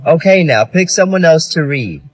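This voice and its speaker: A text-to-speech woman's voice reading comedy skits with a flat synthetic delivery. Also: sits low, moderate pace, breathy edge, soft background music.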